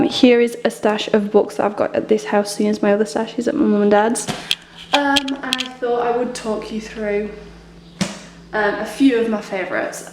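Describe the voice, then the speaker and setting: A young woman with a fairly high, slightly mellow voice chats casually in a home vlog, rambling with plenty of ums and false starts. She's moving through rooms of her home, and the audio is echoey with faint background noise.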